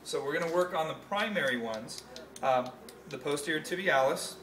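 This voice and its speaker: A male instructor gives a hands-on anatomy demonstration to a class, explaining step by step and correcting himself mid-sentence. His voice is a little high and fairly bright, at a normal speed. The recording is echoey, captured from far off in a classroom, with faint noise.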